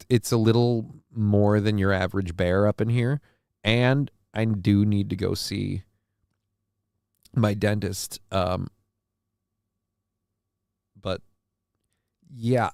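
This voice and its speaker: A man's voice: on the low side, slow pace, vocal fry, pauses often, a little mellow, smooth, no room sound. A man hosting a live stream, a father, talking in a rambling, crude, joking way while congested from a sinus infection. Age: adult, father of a six-year-old. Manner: rambling, crude and joking, often sneezing and sniffing. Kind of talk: casual live-stream chat. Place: home basement room. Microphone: desk mic close to the face.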